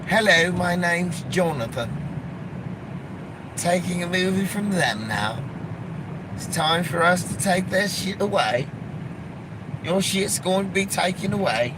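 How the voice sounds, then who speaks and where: Man doing a prissy posh English gent, mock-calming, pitched up a bit, noisy background. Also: takes it slowly, pauses often. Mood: mock soothing. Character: prim man faking a posh English accent.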